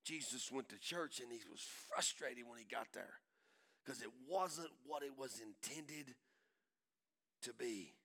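A male pastor preaching a sermon in an emphatic, folksy way, repeating phrases and building up to shouts. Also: mid-range voice, a little slow, gravelly. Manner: emphatic, repetitive, swells into shouting; folksy and country in tone.

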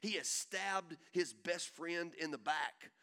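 Middle-aged male pastor, slightly high and bright, dramatic preaching that jumps from quiet to loud. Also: expressive, takes it slowly. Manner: dramatic preaching, acting out voices, sudden loud swells. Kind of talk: sermon.

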